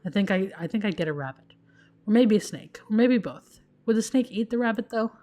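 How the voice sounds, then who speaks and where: A woman voicing an excited young adult daughter in a dating game, talking fast and bubbly. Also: medium pitch, close to an everyday voice.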